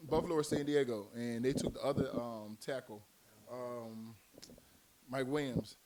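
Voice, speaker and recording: A man's voice: medium pitch, fairly even intonation, measured pace, dark tone. A man, a former football player, telling long rambling stories in casual chat, laughing often between his points. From Miami, United States. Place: recording studio.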